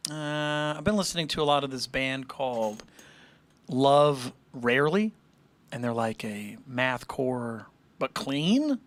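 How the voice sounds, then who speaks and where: A man's voice: a little high, a bit bright. A young man hosting a music livestream, rambling and joking with his chat and laughing often. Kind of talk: casual chat with live chat.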